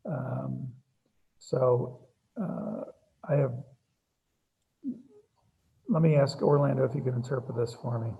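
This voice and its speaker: A man serving as judge, running a court hearing over a video call in an unhurried, procedural way. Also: mid-range voice, fairly even intonation, creaky, mellow, slightly rough. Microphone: computer mic on a video call. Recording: dull lo-fi video call audio.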